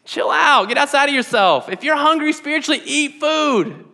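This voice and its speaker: A man preaching a sermon as pastor, conversational and animated, building to emphatic exhortations. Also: extremely high pitch, moderate pace, big-room sound.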